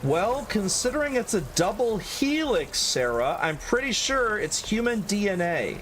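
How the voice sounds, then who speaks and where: A man's voice: high voice, big pitch swings, unhurried, a bit bright, a little hiss or hum. A man giving casual, rambling commentary while streaming a video game. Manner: chatty, rambling, prone to tangents.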